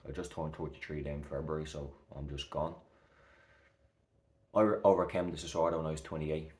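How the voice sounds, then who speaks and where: A man's voice: extremely low pitch, level tone, fairly quick, a little mellow, reverberant. A man, talking earnestly and reassuringly to camera, rambling with fillers. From Ireland. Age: 30s. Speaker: recovery coach vlogger. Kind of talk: heartfelt casual talk to camera.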